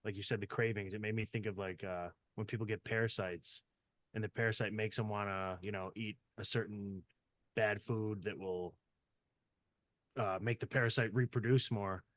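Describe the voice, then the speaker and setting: A man's voice: on the low side, fairly even intonation, moderate pace, no room sound. A man hosting a podcast in casual chat, rambling with lots of fillers. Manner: rambling, many fillers, trails off softly. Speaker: podcast host.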